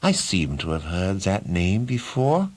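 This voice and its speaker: A man reading an audiobook, voicing a smooth, scheming middle-aged count who tempts with bribes. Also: sits low, huge pitch swings, unhurried, no room sound, exaggerated voice. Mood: silky. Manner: smooth, persuasive, wheedling. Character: silky sinister middle-aged male count.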